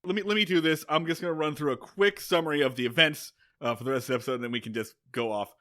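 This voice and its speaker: Bright-voiced man summarizing wryly. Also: on the high side, rapid-fire. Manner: summarizing plot, wry. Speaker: podcast co-host. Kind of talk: casual podcast chat.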